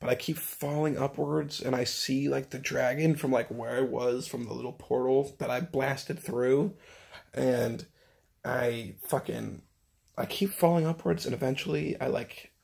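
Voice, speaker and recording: A man with a gravelly, slightly husky voice tells a long story in a loose, rambling way. He swears constantly and leans on filler words. His pitch sits in an ordinary middle register. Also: steady tone, a little slow, darkish tone. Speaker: vlogger recounting a dream. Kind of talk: casual storytelling monologue.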